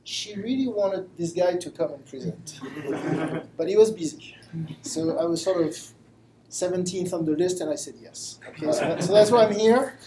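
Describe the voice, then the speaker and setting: A guest lecturer with a French accent speaks live to a study group in a room with an audience, poking fun at himself and explaining things through simple examples. He has a high voice at normal speed, with background noise present.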